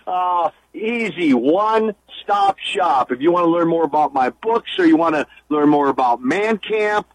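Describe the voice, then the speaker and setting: A man's voice: a little high, expressive, measured pace, few pauses, rough recording. A man in his sixties, a former wrestler and minister, speaking as a guest in a radio interview, earnest and eager, with many restarts and long lists.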